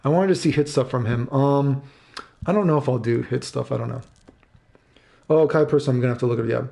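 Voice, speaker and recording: A man's voice: mid-range voice, fast talker, vocal fry, mellow. A man in his thirties streaming live, ranting angrily and swearing, repeating himself and answering chat. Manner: angry, profane, repeats himself.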